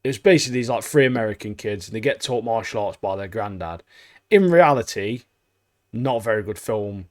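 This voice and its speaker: This is a man chatting on a podcast with a co-host, his voice sitting on the lower side. He's easygoing and excitable, piling on slang and laughing often. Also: a little fast, no echo, clean studio sound. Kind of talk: casual chat.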